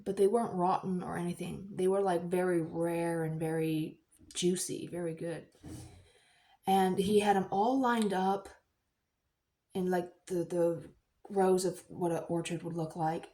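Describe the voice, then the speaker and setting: A woman vlogging in a casual, rambling storytelling way, acting out the people she quotes with sudden high, excited voices. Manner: animated, acts out quoted voices in high squeals.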